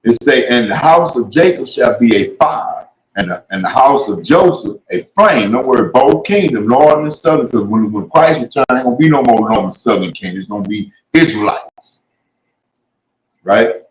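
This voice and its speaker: A man's voice: mid-range voice, animated, normal speed. Slangy preaching man in an echoey room. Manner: slangy, conversational, reads scripture aloud then riffs on it. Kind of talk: casual street-style Bible teaching.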